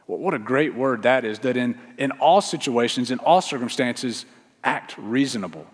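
Male pastor, mid-pitched, earnest sermon delivery, repeats for emphasis, long hall reverb.

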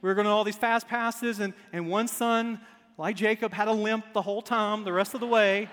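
A man with a high voice preaching a sermon, spinning humorous stories for his congregation. He drops to quiet asides, then builds to loud emphasis. His words ring out with a long reverb through a large church hall. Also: fairly even intonation, normal speed, slight background noise. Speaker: pastor. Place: church sanctuary before a congregation.

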